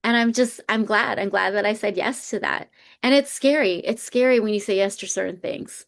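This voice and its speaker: A woman's voice: medium pitch, moderate pace, vocal fry. A woman co-hosting a podcast, chatting casually and earnestly retelling a personal story. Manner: earnest, reflective, retells stories with animated quotes. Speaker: podcast co-host.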